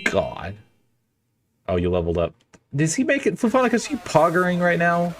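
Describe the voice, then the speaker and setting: Animated joking man streamer. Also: on the high side, moderate pace. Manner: animated, jokey, breaks into silly voices. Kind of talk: comedic game commentary reading dialogue aloud.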